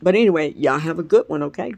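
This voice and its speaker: Sex: woman. Style: casual vlog reflection. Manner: earnest and rambling, pitch rising and falling a lot. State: stuffy sinuses. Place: home. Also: fast talker, creaky. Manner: earnest, rambling, animated storytelling. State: congested sinuses. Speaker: vlog host. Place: at home with a dog nearby.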